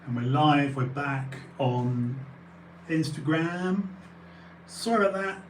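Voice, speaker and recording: A man's voice: on the high side, slow. An English man hosting a live-streamed talk show, speaking candidly, swearing casually and repeating phrases for emphasis. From England. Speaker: podcast host. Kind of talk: casual conversational interview. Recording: echoey room with faint noise.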